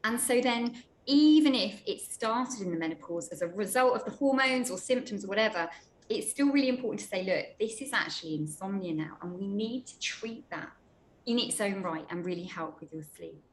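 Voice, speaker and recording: A woman doctor explaining sleep problems in a clear, reassuring way, with some small restarts. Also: mid-range voice, lively intonation, moderate pace, slight background noise, poor audio. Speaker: menopause doctor. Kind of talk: explaining to a panel.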